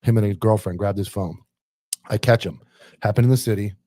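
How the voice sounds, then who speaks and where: Low-voiced cop guy in his 40s telling stories, swears a lot, dry close mic. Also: a little fast, no echo. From Florida. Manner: swearing, animated war stories with acted quotes. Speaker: podcast host and police officer. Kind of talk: casual storytelling chat.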